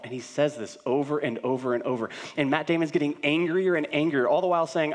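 A middle-aged male pastor preaching a sermon with earnest, building repetition, swinging between loud and hushed passages. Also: medium pitch, a little fast. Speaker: senior pastor.

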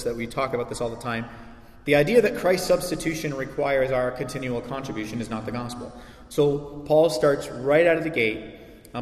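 A male pastor preaching a sermon, animated, acting out quoted voices with sarcasm. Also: mid-range voice. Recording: echoey hall reverb.

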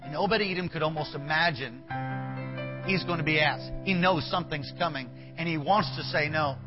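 Preacher guy, higher voice, kinda dull lo-fi sound, soft band playing under him. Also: normal speed. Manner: animated, acts out characters, talks to the band. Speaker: pastor. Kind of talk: sermon storytelling. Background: soft band music.

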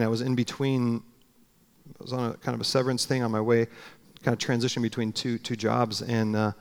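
A middle-aged man preaching a sermon, dramatically acting out prayers and dialogue. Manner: dramatic, acts out prayers and dialogue with swings in pitch and volume. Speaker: pastor.

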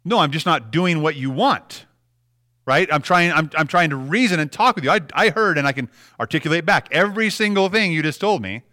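A man's voice: fairly high pitch, expressive, a little fast, bright, forceful tone. A man preaching a sermon and reading scripture in an earnest, conversational way to his congregation. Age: adult with young children. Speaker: pastor.

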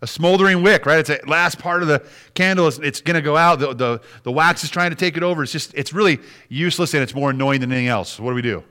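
Pastor, male, middle-aged, higher-pitched voice, lively preaching with hushed drops. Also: quick pace, smooth. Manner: animated preaching, dropping to soft near-whispers for emphasis. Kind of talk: sermon.

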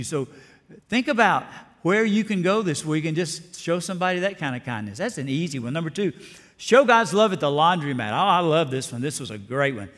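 A pastor gives a folksy, storytelling sermon. His man's voice sits a touch high for a man. It rings out with a long echo as though he is in a large sanctuary. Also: a bit bright. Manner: folksy, storytelling, down-to-earth preaching. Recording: long hall reverb.

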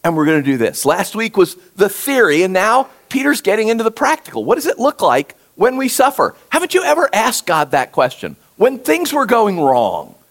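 A pastor delivers a conversational sermon, reading scripture aloud and addressing his congregation directly with animation. His voice sits high, he speaks at a moderate pace, and he barely pauses.

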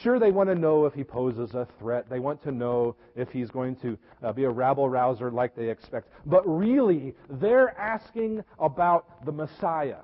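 A man preaching a sermon as pastor, earnest, repeating words and slowing down for emphasis. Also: medium pitch, animated. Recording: echoey hall, dull lo-fi sound.

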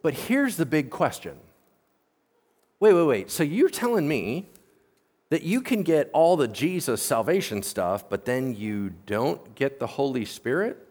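A man preaching a casual sermon as pastor, telling the story with lively, playful energy. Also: medium pitch, a little slow, long reverb tail. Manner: animated storytelling, acts out characters in a playful voice.

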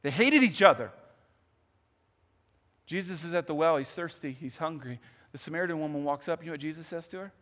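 A male pastor preaches with a high, very animated voice, telling the story with chatty asides. His voice carries a long reverb through the church. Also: brisk, pauses often. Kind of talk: sermon.

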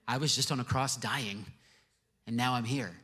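A man's voice: medium pitch, a little slow, sharp tone, breathy edge. A man voicing a bewildered, plain-spoken dying thief, in a plain baffled way. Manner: baffled, matter-of-fact.

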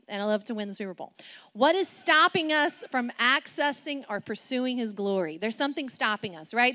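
Animated, playful woman preaching a sermon. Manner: animated, playful, acts out quotes with big swings in pitch and volume; asks the audience many questions.

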